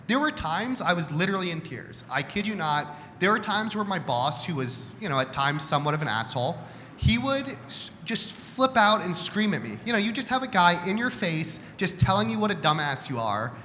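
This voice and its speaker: In an event hall, a man answers audience questions during a live Q&A, speaking candidly and conversationally and often restarting his sentences. His high-pitched, sharp voice is very animated and fairly quick, with hardly any pauses. Hall reverb and faint room noise are audible.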